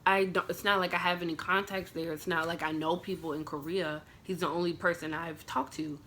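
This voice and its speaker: A woman's voice: fairly low pitch, steady tone, brisk, a bit bright, a little hiss or hum. A young woman vlogger telling a personal storytime in an emotional, casual way, full of "like" fillers. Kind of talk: storytime vlog.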